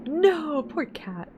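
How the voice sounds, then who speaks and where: A woman's voice: very high voice, darkish tone, slight background noise. A woman reading out a horror visual novel and chatting about her choices as she plays. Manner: chatty, reads narration then comments with laughs. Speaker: let's play gamer voicing a visual novel.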